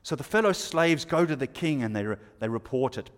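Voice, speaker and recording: A man's voice: mid-range voice, lively intonation. A man preaching a sermon, explaining scripture verse by verse and asking the listeners rhetorical questions. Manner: expository, rhetorical questions, pauses. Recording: long reverb of a hall.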